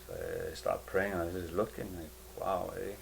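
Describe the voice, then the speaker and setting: A man giving a personal spiritual testimony in a halting, rambling way, full of fillers and restarts. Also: deep voice, big pitch swings, creaky, slight background noise, low-quality recording.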